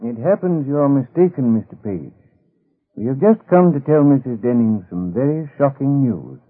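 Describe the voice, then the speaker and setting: A grave steady detective, 50s radio play, husky, tinny old broadcast. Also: male voice, mid-range voice. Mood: stern. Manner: grave, measured. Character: Mister Keen, calm firm male detective. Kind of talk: 1950s radio drama acting.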